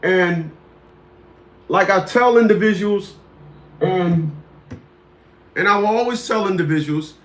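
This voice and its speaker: A man's voice: high voice, takes it slowly, long pauses, a bit bright. A man in his fifties hosting a talk show, telling a story in a rambling, casual way, repeating words and greeting viewers by name. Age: 50s.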